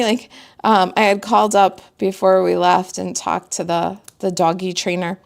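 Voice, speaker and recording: A chatty woman from the United States runs a live card-making class from her craft table. She talks warmly and casually at a middle pitch, laughs often, and greets viewers by name as she works. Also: steady tone, measured pace, vocal fry.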